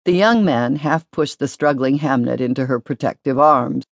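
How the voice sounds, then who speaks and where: A woman narrating a novel in a measured, expressive storytelling voice. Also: rumbling low, vocal fry, no room sound. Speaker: audiobook narrator. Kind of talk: scripted narration.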